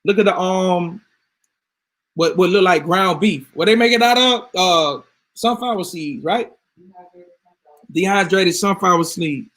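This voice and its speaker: A man's voice: sits high, a little slow, long pauses, a bit bright. A man ranting casually to his viewers, emphatic and swearing freely. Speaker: vlogger. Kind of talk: casual rant to camera.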